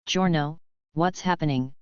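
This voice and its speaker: A woman reading the lines of a hot-headed young male gangster in a storybook audiobook, loud and demanding. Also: low-pitched, measured pace, smooth, dry recording, dull audio. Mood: panicked.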